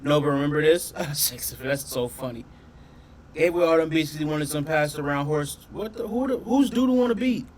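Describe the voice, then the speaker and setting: A man doing casual reaction commentary on his channel, talking in an animated, profane way and often questioning his audience. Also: on the high side, moderate pace, slight background noise. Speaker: reaction streamer.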